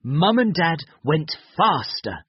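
Slow, animated storybook reader. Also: mid-range voice, slightly rough, dry recording. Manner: slow, deliberate, expressive. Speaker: reader of a children's book. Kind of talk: slow, clear storybook reading lesson. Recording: dull, lo-fi, dry recording.

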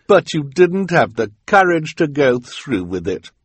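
A man's voice: fairly high pitch, very animated, measured pace, slightly rough, dry recording, pitched above the performer's own voice, full character voice. A man voicing a haughty, sneering villainous woman with a mocking, nasty tone.

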